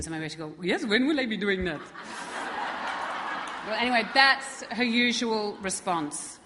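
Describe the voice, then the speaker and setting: A woman's voice: lowish voice, a bit bright. A middle-aged woman presenting an award, giving a tribute speech with wry, self-deprecating asides at a podium microphone. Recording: long hall reverb.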